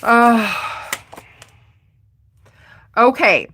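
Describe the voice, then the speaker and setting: A woman's voice: on the high side, lively intonation, very slow, pushed and bright, slight background noise. A woman giving a casual live tarot reading, chatty and giggly, exclaiming often as she talks. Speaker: tarot reader.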